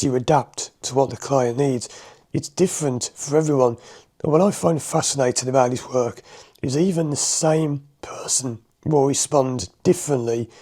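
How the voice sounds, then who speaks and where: A man's voice: mid-range voice, a little mellow. A man, a hypnotherapist, explaining his sessions to viewers in a chatty, conversational way, laughing often. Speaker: hypnotherapist and driving instructor. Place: a room in his home.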